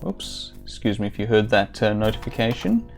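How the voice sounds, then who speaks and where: Gravelly man chatting through a game. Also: fairly low pitch, very animated, moderate pace, faint music behind. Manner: rambling, dry self-amused jokes. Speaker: streamer. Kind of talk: casual let's-play commentary.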